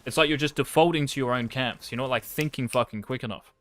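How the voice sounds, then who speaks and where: Young man, game coach, blunt and sweary, casual slang, mid-pitched voice. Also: fast talker, fairly bright tone. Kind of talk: blunt gameplay coaching over a replay.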